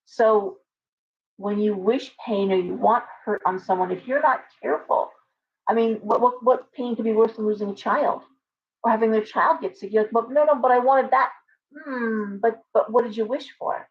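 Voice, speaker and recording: A woman chatting to viewers on her tarot livestream, lively and full of restarts and asides. Her voice sits a little high and comes through slightly dull and lo-fi, like a webcam stream. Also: normal speed, a little hiss or hum. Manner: animated, talks with lots of restarts and asides to viewers. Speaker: tarot reader and livestream host. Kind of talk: casual livestream chat. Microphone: webcam with ring light.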